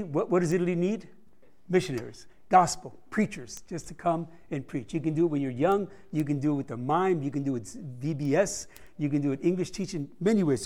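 Slightly high-voiced male missionary storyteller. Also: a little mellow. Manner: conversational storytelling with humorous asides. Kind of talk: missions report to a church congregation.

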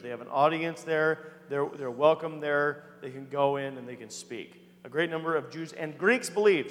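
A man teaching a Bible study class, reading scripture aloud and putting questions to the group. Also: on the high side. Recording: echoey hall.

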